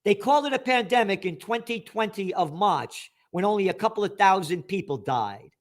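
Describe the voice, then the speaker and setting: A man's voice: high voice, animated, moderate pace. Angry profane man ranting over headlines. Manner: angry, profane, sarcastic, swings between shouting and muttering. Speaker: trends forecaster reading and commenting on headlines. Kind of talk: ranting news commentary.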